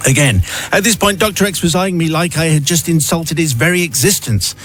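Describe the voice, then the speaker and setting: A radio host reading a listener's letter aloud in a wry, dryly theatrical storytelling manner. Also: male voice, on the high side, fairly quick, fairly bright tone, faint music behind.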